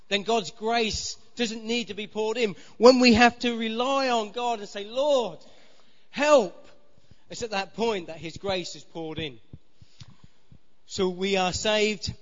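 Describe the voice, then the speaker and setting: High-voiced preacher in a reverberant church. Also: male voice, lo-fi sound. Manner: preaching with rising and falling emphasis. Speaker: pastor. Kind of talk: sermon.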